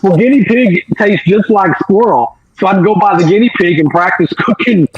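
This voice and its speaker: A man, co-hosting a barbecue chat and telling an animated story, laughing often. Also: high voice, moderate pace, dull audio. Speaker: barbecue podcast co-host.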